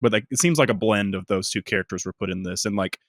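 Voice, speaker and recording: A man's voice: on the low side, fast, no echo, studio quality. Laughing male podcast co-host. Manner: laughing, stumbling over words. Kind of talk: casual chat.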